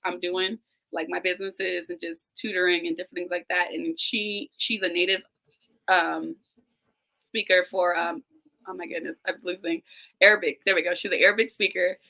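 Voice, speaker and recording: A woman in her thirties speaks candidly as a guest on a live-stream call, earnest and close to tears. Her voice sits low and gravelly, with a bright, forceful edge. She talks straight to the listeners. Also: poor audio. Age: 30s. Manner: earnest, emotional, addresses listeners directly. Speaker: guest, teacher and business owner. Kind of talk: candid personal conversation. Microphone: remote live-stream call.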